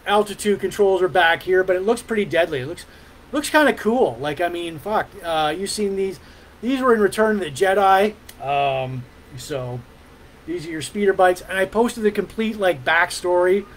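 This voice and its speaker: A middle-aged man hosting a laid-back podcast, his voice sitting a little high for a man. He rambles loosely with plenty of hums, fillers and the odd curse. A faint hiss sits under the voice. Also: normal speed, poor audio. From Ontario, Canada. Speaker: podcast host. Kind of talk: casual rambling chat.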